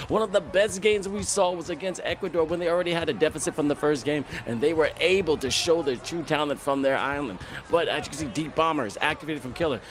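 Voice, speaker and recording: A man's voice: a little high, fast, few pauses. A man commentating an esports basketball game, walking through plays and the tournament format. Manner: flowing, explanatory play-by-play with asides.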